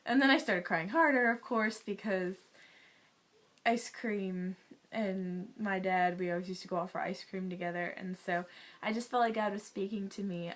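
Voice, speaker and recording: A young adult woman giving an earnest, emotional personal faith testimony, often sighing and dropping to a soft near-whisper. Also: mid-range voice, fairly even intonation, normal speed. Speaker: guest sharing a testimony.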